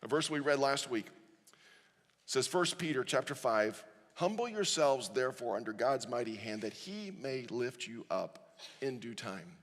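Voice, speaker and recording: A man preaching a sermon as pastor, earnest and pleading, dropping softly into quiet prayer lines. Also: medium pitch, very animated, a little slow. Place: church sanctuary. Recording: church hall with long reverb.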